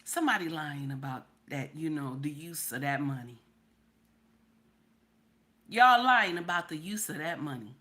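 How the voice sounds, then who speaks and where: A woman's voice: low-pitched, expressive, unhurried, pauses often, bright, forceful tone. A woman hosting a livestream, talking in a sassy, repetitive, profane way while coughing from a cold. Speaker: commentary host. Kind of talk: livestream commentary.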